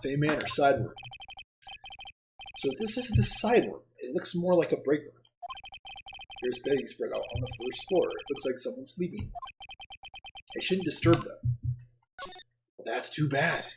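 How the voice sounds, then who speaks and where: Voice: medium pitch, animated, measured pace, long pauses, music in the background, low-quality recording. A streamer reading game text aloud and chatting casually, often laughing at their own reading. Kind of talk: let's play commentary and dialogue reading.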